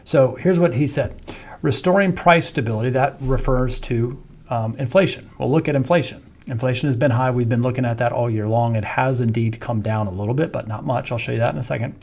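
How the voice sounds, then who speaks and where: A man with a medium-pitched, creaky, slightly mellow voice talks a little fast. He founded a wealth management firm and is giving an informal video update on the economy and markets, full of ums and self-corrections.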